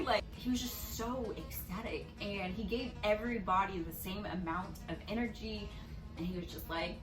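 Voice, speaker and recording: A young woman vlogger telling a story casually, with lots of expression and swearing, and she jumps into loud squeaky voices when she quotes people. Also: normal speed, distant mic. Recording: echoey room, a little off-mic, music underneath.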